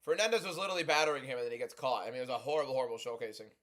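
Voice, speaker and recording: A young man hosting a livestream, talking loudly and chatting casually as he reads and answers viewer comments. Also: medium pitch, rapid-fire. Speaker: livestream host.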